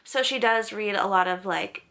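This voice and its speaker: Speaking at a moderate pace in a mid-range voice with a bright, forceful tone, a young woman runs through book channels she likes for her book vlog. Her manner is chatty and upbeat, and she hesitates over how certain names are pronounced.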